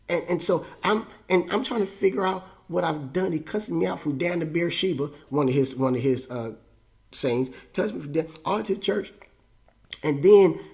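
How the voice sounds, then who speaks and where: Animated storytelling man, slangy. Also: fairly high pitch. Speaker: host. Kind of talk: personal storytelling.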